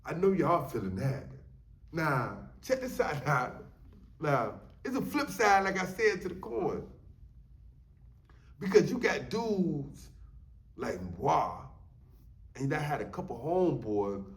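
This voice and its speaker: On a distant mic in an echoey room, a man with a somewhat high, animated voice tells prison stories slowly, leaving long pauses. His casual monologue about his time inside is loose and peppered with "you know what I'm saying."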